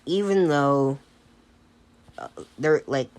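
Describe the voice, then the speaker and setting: Man telling a story off the cuff, slow pace, hesitant, lots of fillers, casual. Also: fairly high pitch, smooth. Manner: hesitant, many fillers and restarts. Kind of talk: improvised fan-fiction storytelling.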